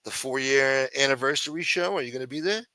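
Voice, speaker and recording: A man's voice: medium pitch, fast, sharp tone, no echo. A man hosting a casual livestream show, rambling and teasing with plenty of profanity. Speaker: show host.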